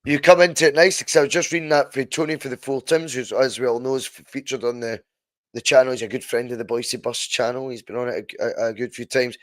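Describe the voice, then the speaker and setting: A man chatting on a football podcast over a video call, animated and quick to swear. His voice sits in a middle pitch. The sound is dry and close. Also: no echo. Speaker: podcast co-host.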